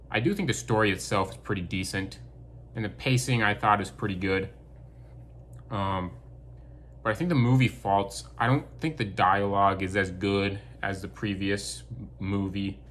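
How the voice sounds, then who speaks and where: A man's voice: on the low side, a bit bright, slight background noise. A man giving a casual spoken film review, blunt and candid with his opinions.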